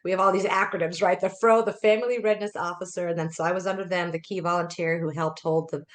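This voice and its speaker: This is a woman in her fifties, a life coach guesting on an interview. She tells her story in a loose, chatty way, full of laughs and restarts, in a fairly low voice. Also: fairly even intonation, fast talker.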